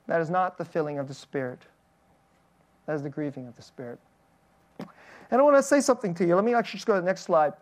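Lively, chuckling pastor preaching a casual sermon. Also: medium pitch, fast talker, long pauses. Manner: animated, chuckles between points, asks the audience direct questions. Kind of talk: conversational sermon. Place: church service with slides.

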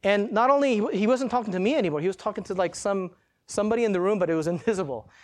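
A male pastor preaching in a church, telling a personal story in a casual, animated way and acting out the quotes. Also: high voice, rapid-fire.

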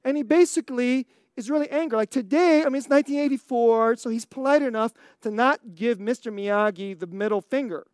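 An American preacher telling a story in a sermon, animated, acting out scenes and laughing often. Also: mid-range voice, a little fast, few pauses, smooth, dry recording, studio quality. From United States.

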